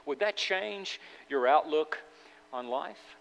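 Male preacher, high voice, earnest and halting, long hall reverb. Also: expressive, fairly bright tone. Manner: earnest, halting with repeated restarts. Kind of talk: sermon.

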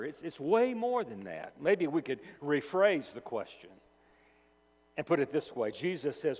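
A male pastor delivers a sermon in a church sanctuary, his slightly high voice rising for emphasis and dropping to near-whispers on key words. His delivery is animated and theatrical. The sound carries a long hall reverb from a distant microphone. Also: measured pace, muffled recording. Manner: dramatic swings between loud emphasis and hushed low words.

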